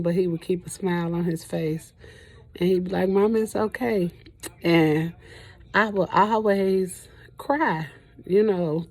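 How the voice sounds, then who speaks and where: A middle-aged woman talking to camera in a halting, emotional way, often pausing with "you know", as she speaks about her loss. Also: on the low side, dark tone. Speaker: trucking vlogger and grieving mother. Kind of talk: personal testimony to camera.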